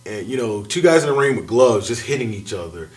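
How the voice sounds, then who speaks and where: A man chatting as a guest on a talk show, animated and laughing often. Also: medium pitch, a little fast. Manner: animated, laughs often, jumps between thoughts. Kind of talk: casual chat.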